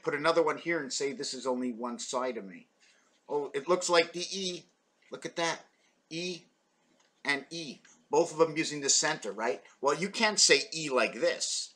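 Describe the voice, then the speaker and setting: A middle-aged man, rambling excitedly to his camera and thinking aloud with many questions. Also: a little high, breathy edge. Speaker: vlogger.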